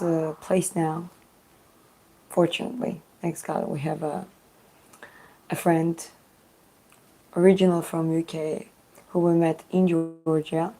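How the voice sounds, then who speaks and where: Hoarse, low-voiced woman live streaming. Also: slight background noise, rough recording. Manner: soft and halting, many fillers. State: voice hoarse and deeper from losing it. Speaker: travel vlogger live streaming. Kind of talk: casual live stream chat. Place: small studio apartment indoors.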